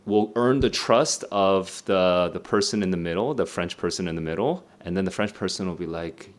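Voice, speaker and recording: A man's voice: low voice, moderate pace. A young man streaming a live read-along of a play, thinking aloud with many fillers and restarts.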